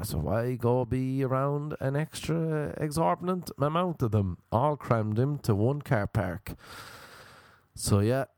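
A man's voice: medium pitch, darkish tone, dry recording, studio quality. A young Irish man hosting a podcast, delivering a sweary, sardonic comedic rant in a casual monologue. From Ireland. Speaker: podcast host.

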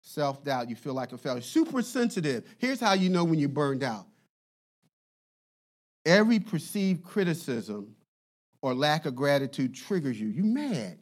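A male pastor preaching a sermon in an animated, conversational way with playful asides. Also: fairly high pitch, normal speed.

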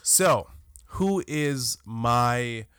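A man's voice: mid-range voice, expressive, drawn-out words, a bit bright, clear, resonant tone, dry recording, studio quality. A man co-hosting a podcast, talking casually and animatedly about a film, swearing and restarting sentences often. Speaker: podcast co-host.

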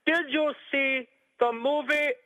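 A radio host putting on the voice of an elderly male statesman on a phone call, answering in slow, halting, confused bits. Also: very high-pitched, steady tone, bright, forceful tone, pitched above the performer's own voice, full character voice. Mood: muddled. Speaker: radio host doing an impression.

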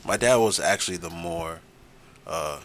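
A man's voice: low-pitched, measured pace, a little hiss or hum. A man in a casual podcast chat, talking bluntly and unapologetically with plenty of swearing. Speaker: podcast co-host.

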